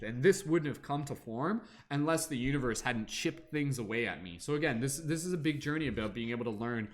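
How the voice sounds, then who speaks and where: A man's voice: mid-range voice, animated, a little fast, few pauses. A man giving a casual spiritual talk on a livestream as a tarot reader, rambling with lots of fillers and acting out little voices.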